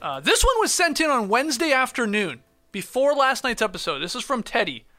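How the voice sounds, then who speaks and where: A man hosting a casual podcast, laughing often and talking quickly. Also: extremely high pitch, very animated, pushed and bright, soft background music. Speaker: podcast host.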